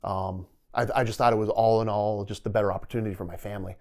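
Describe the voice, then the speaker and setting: A middle-aged man, a retired soldier, telling his story as a podcast guest in a casual, animated way, acting out what others said and laughing often. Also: lowish voice, quick pace. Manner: animated storyteller who acts out quoted dialogue and laughs often.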